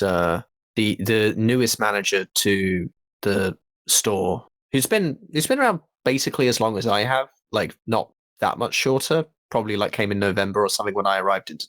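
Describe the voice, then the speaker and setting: A man's voice: on the low side, fairly bright tone, no echo. A young man rambling through casual podcast chat, with many restarts and fillers. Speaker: podcast co-host.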